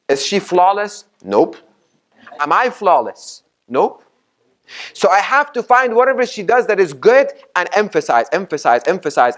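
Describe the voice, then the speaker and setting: A man preaching with a somewhat high voice, pressing each point and repeating it again and again. He puts questions to his listeners and recites Arabic sayings before he explains them, speaking as a sheikh in a mosque hall. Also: a bit bright. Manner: emphatic and repetitive, asks the audience questions. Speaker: sheikh giving a Ramadan lecture. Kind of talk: sermon.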